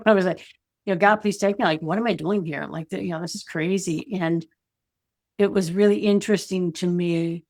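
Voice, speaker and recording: A woman speaking as an interview guest, telling a personal story in a reflective, halting way with many "you know" and "like" fillers. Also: fairly low pitch, darkish tone. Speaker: intuitive guide and energy advisor, guest.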